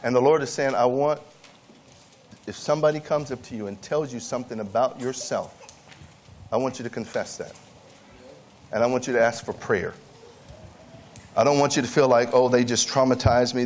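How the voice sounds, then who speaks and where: At a church camp meeting, a man delivers a sermon that swings between high, pleading emphasis and quiet asides.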